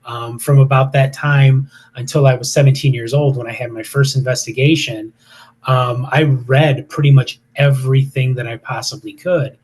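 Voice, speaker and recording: A man's voice: mid-range voice, fairly even intonation, normal speed, a little mellow, slightly rough. A man in his fifties, a paranormal investigator, telling stories casually in an interview with many fillers and restarts.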